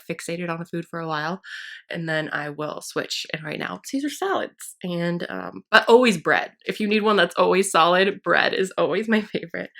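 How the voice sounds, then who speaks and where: A woman's voice: lowish voice, vocal fry, fairly bright tone. A young woman chatting casually to her viewers while doing her makeup, rambling and upbeat. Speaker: beauty YouTuber. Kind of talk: casual get-ready-with-me chat.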